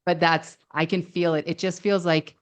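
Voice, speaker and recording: A woman psychologist with a notably low voice talks through ideas thoughtfully. She often affirms her co-host and explains things at an even pace. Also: normal speed. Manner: thoughtful, affirming, frequent agreeing. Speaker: relationship psychologist, podcast co-host. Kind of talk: conversational podcast discussion.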